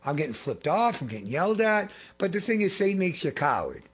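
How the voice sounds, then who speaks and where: High-voiced husky fervent preacher man. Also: sing-song, fast talker. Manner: fervent, repeats phrases, swings between loud and hushed. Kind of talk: impassioned sermon.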